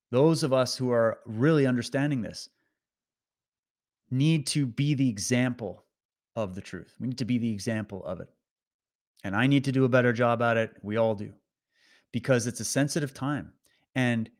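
A man delivering an impassioned, preachy motivational monologue to his audience, urging and exhorting them. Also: medium pitch. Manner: preachy, exhorting, rising to emphatic peaks. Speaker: online commentator.

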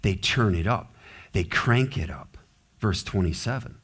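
A man pastor preaching an expository sermon, animated and acting out characters with varied voices. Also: on the low side, measured pace, husky. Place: church sanctuary.

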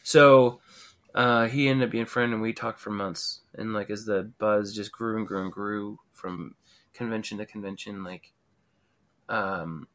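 Rambling, excitable game designer man. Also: lowish voice, a little slow. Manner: rambling, heavy use of "like". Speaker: game designer and artist, guest. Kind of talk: excited storytelling in an interview.

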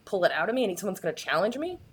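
A woman's voice: mid-range voice, very animated, very fast, husky. A woman talking candidly and earnestly as a guest in a casual chat, often restarting her sentences.

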